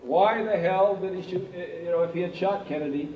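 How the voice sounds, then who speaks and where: Telling anecdotes at a hotel conference room talk, a Californian guest speaker rambles along conversationally, dropping plenty of "uh" and "he says." He has a high voice and a moderate pace. Recorded from a distance in a roomy hall with faint ambience, the audio has its highs cut off.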